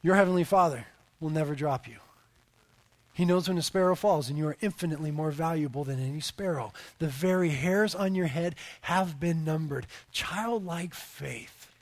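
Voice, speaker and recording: High-voiced animated man preaching a sermon. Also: a little fast. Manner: animated storytelling, voice swelling for emphasis. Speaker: pastor.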